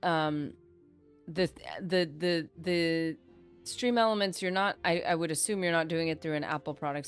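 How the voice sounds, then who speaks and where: A female game streamer talks loosely as she plays, drifting off mid-thought, restarting, and making self-deprecating jokes in a chatty, rambling way. Her voice sits low and sounds clear and resonant.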